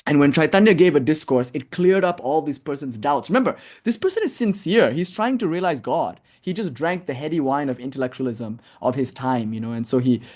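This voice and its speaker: A man giving a casual, animated spiritual lecture, telling stories and acting out what people say. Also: fairly high pitch, a little fast, hardly any pauses. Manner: animated storytelling, casual, acts out quotes. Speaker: spiritual teacher.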